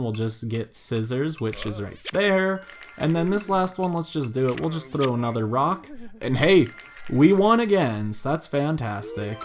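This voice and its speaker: A man casually commentating a matchmaking game, reading characters aloud and reacting with amused chatter and sudden excited shouts. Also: medium pitch. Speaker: gameplay commentator. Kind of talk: let's play commentary.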